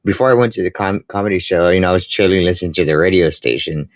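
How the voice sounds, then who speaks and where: Man, podcast co-host, very deep voice, laid-back, casual story, dry recording. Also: quick pace, dry recording. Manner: laid-back, says "like" and "dude" a lot.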